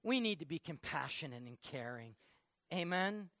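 Male pastor preaching, kinda high bright voice, stumbles and repeats himself a lot, dry sound. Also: expressive, no echo. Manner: conversational preaching with frequent halting repeats. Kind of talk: sermon.

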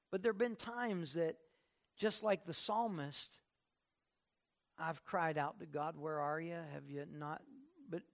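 An older man, a pastor, preaching a sermon in a folksy, conversational way, moving between soft asides and emphatic lifts. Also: a little high, creaky.

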